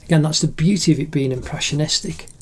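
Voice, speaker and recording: A man's voice: fairly high pitch, fast talker, darkish tone, a little hiss or hum. A middle-aged man narrating a drawing tutorial in a chatty, encouraging way, like an art teacher.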